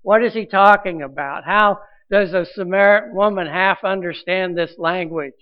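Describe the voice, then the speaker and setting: A man's voice: high voice, moderate pace, muffled recording. A man preaching a sermon as pastor, earnest, with restarts and rising emphasis.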